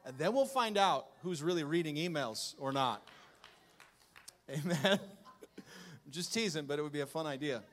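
Male pastor, sermon delivery, high-pitched, teasing humor with emphatic outbursts. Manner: joking, swings from low asides to loud emphatic lines.

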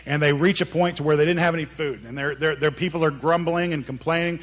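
Preaching quickly with few pauses, a pastor keeps a fairly even intonation and a slightly high voice. He tells stories conversationally, voicing the characters' lines and repeating words as he goes.

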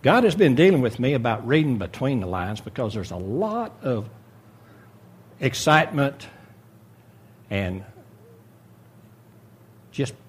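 A man's voice: mid-range voice, a little hiss or hum. A man preaching a sermon in a folksy, joking way, reading scripture and retelling the story with voices for each character.

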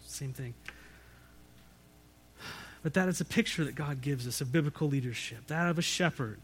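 A man's voice: a little high, normal speed, soft background music. A man preaching a sermon as pastor, in a conversational way with rhetorical questions and light jokes. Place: church sanctuary.

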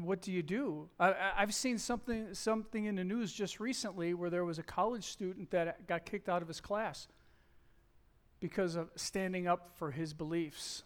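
Sharing a personal story during his sermon, a middle-aged preacher with a high voice keeps it conversational and performs the quoted dialogue himself.

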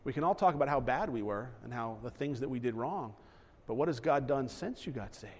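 A man's voice: medium pitch, lively intonation, fairly quick, darkish tone. A man preaching a sermon as pastor, earnest, often repeating words as he builds a point. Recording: echoey hall reverb.

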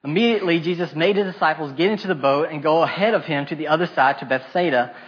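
A man with a husky, slightly raised voice preaching a sermon. He retells the story in lively, casual terms and acts out the complaining voices. The recording sounds dull and muffled. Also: fairly high pitch, fast talker. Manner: animated storytelling, acting out the disciples' complaints; casual modern asides and repetition.

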